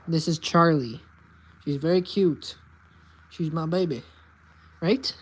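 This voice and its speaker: A woman's voice: on the low side, a little slow, pauses often, a little mellow, slightly rough. A woman chatting casually to her cat in baby talk, cooing and meowing at it, in a vlog. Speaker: vlogger.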